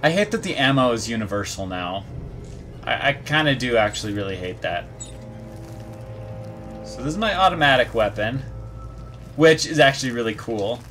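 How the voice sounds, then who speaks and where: Animated man talking back to a game. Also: medium pitch, moderate pace, pauses often, faint music behind. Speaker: gaming YouTuber. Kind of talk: gameplay commentary.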